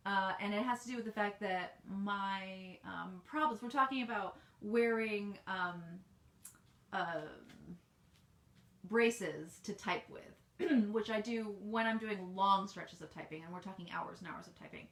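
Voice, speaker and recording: A woman's voice: medium pitch, unhurried, a bit bright, roomy sound. An American woman, an author, chatting casually and rambling through a live Q&A with her readers, full of ums and restarts. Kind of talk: casual livestream Q&A. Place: home office.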